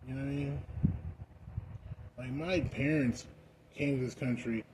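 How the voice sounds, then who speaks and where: A man's voice: mid-range voice, fairly even intonation, unhurried. Rambling, profane American man, noisy background. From United States. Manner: rambling, heavy on "like" fillers, profane. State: high. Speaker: vlogger. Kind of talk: casual rambling rant.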